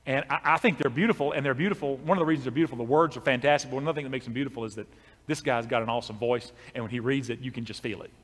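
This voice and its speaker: A pastor telling a long story in a sermon, in a conversational way with many restarts. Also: male voice, mid-range voice, rapid-fire, fairly bright tone, big-room sound.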